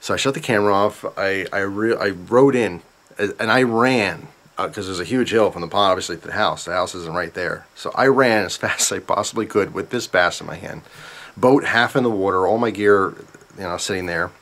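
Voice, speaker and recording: Low-voiced man telling a rambling story. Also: brisk. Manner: rambling, animated retelling with asides. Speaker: vlogger. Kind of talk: casual storytime.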